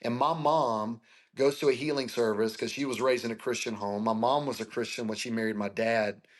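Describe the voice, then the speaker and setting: A man's voice: mid-range voice, steady tone, fairly quick. A man in his forties from Florida, a pastor telling his life story as an interview guest, earnest and emotional, speaking over a video call. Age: 40s.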